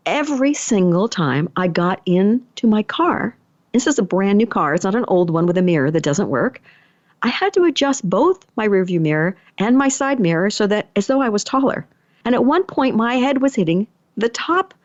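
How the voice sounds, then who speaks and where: A middle-aged woman hosts her own podcast, sharing personal stories in a relaxed, chatty way. She slips into the voices of the people and thoughts she quotes, with a pitch that sits in the middle for a woman. The recording is dry and a little dull, with no room sound. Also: moderate pace, dry recording. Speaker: podcast host and energy healer. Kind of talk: casual personal storytelling.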